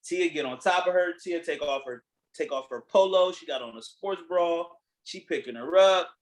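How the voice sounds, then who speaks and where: A man hosting a podcast in casual chat, retelling a reality show in a blunt, animated way, acting out what people said and swearing freely. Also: on the high side, moderate pace, rough recording. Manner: animated storytelling, acting out quotes. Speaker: podcast host.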